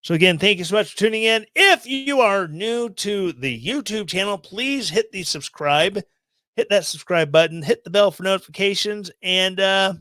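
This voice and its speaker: A man's voice: high-pitched, expressive, normal speed, sharp tone, no echo. A man hosting a podcast, commenting on the news in a rambling, self-deprecating way with sarcastic asides, into a studio microphone. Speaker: podcast host.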